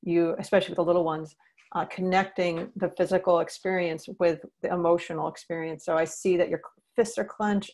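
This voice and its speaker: A woman's voice: fairly low pitch, steady tone, fairly quick, darkish tone. A woman leading a teacher training session, earnestly explaining and acting out what to say to students. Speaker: social-emotional learning trainer.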